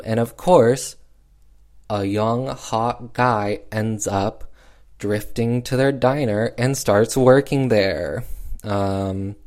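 A man's voice: fairly low pitch, a little mellow. A man casually recapping an old film with sassy, chatty commentary. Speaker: film reviewer.

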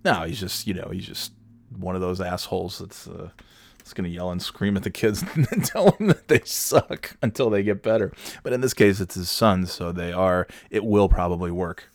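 A man's voice: sits low, normal speed, no room sound. A man hosting a casual talk show, ranting about sports in a profane, sarcastic, rambling way.

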